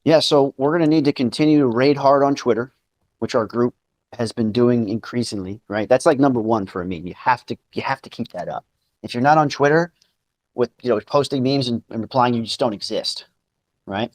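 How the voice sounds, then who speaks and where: A man's voice: medium pitch, fairly quick. A man as guest in a casual talk, earnest and often checking in with "right?". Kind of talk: casual chat.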